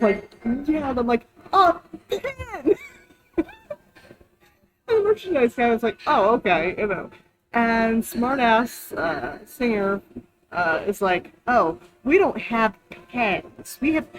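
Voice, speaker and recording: A woman's voice: mid-range voice, poor audio. A woman vlogger telling a long casual story, chatty and profane, full of fillers. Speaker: travel vlogger.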